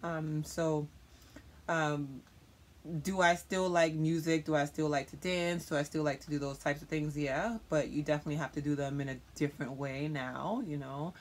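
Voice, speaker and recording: A youth leader answering interview questions in an earnest, reflective way, often pausing with fillers. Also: medium pitch, fairly even intonation.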